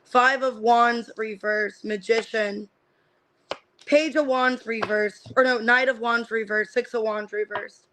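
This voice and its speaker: A woman giving a casual live-streamed tarot reading. She names the cards one by one and thinks out loud as she reads them, with lots of fillers. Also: on the high side, fairly even intonation, a little slow, noisy background. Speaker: tarot reader.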